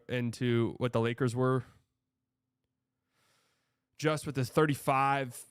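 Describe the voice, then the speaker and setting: A man's voice: medium pitch, smooth, dry recording, studio quality. A young man hosting a casual sports livestream, reading out donations and rambling with exasperated, profane reactions. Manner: exasperated, rambling, swearing, reads donor messages aloud.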